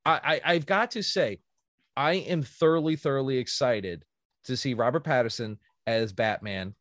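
A man's voice: medium pitch, moderate pace, a bit bright, no echo, studio quality. A man hosting a podcast in casual chat, telling a story animatedly and acting out quotes. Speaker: podcast host.

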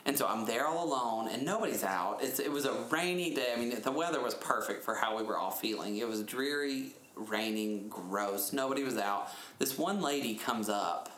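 A man in his thirties telling a story in a casual chat, animated and laughing often, his pitch jumping up when he retells things. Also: normal speed, few pauses. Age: 30s. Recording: echoey room with faint noise.

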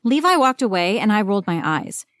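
A woman reading a first-person story aloud as a storyteller, in an expressive, dramatic way. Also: medium pitch, brisk, a little hiss or hum. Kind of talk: scripted first-person narration.

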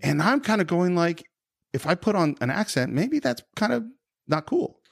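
A man's voice: high-pitched, sing-song, normal speed, gravelly, no echo, studio quality. A man co-hosting a casual film podcast, thinking aloud in a reflective way. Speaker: podcast co-host.

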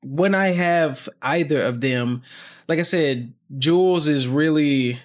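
A young man with a fairly high voice chats with friends. He tells animated stories and jumps higher when he quotes himself. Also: slow pace. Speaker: new father of twins. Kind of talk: casual chat among friends.

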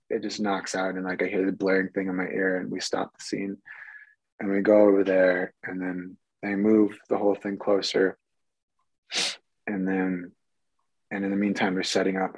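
A man with a low, husky voice tells a rambling on-set story in a lively way, slipping into the voices of the people he quotes. The sound is dry and close. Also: no echo, low-quality recording. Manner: animated storyteller, acts out quoted dialogue. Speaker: actor guest. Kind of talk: casual anecdote.

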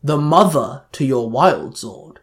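A man reading aloud, voicing the Ultra Grid, an ancient power that speaks through a teammate's avatar in a slow, formal way. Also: mid-range voice, animated. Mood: measured.

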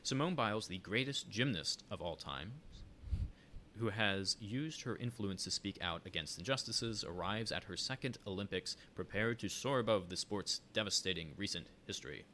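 A man with a fairly low but bright, forceful voice, talking casually on a podcast. He is opinionated and chatty, with fillers and restarts. A faint ambient hiss sits behind him. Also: lively intonation, normal speed. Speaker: podcast co-host. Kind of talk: casual chat, reading news aloud.

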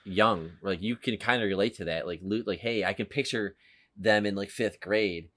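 A man's voice: lowish voice, moderate pace, fairly bright tone. A man hosting a casual movie podcast, rambling with many fillers and restarts. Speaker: podcast host.

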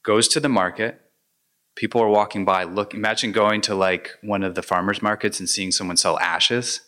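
Deep-voiced man telling a teaching story. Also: fairly even intonation, normal speed, bright, forceful tone. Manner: storytelling, reflective, with restarts. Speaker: meditation teacher. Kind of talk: dharma talk.

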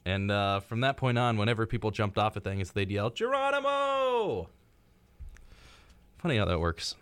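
A man's voice: fairly low pitch, brisk, clear, resonant tone, dry recording. A young man co-hosting a college radio show, chatting casually with plenty of fillers. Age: young adult. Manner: relaxed, lively, chatty with fillers. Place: radio studio. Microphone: studio microphone.

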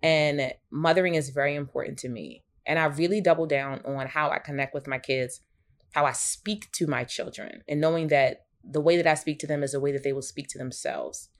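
A woman in her thirties co-hosting a casual podcast, telling a personal story expressively with big swings in pitch. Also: brisk. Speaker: podcast co-host.

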